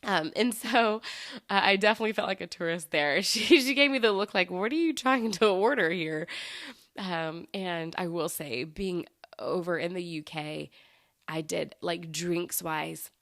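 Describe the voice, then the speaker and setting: A woman's voice: on the low side, unhurried, a bit bright, no room sound. Lady podcasting, chatty, laughs a lot, acts out her quotes, dry close sound. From United States. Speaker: podcast host. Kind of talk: casual travel storytelling.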